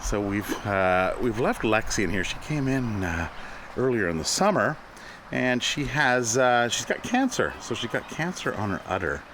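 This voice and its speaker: A man giving a relaxed walking tour of his farm, chatting, laughing often and greeting animals along the way. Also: mid-range voice, moderate pace, a little hiss or hum. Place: outdoors on a farm, in woods and fields.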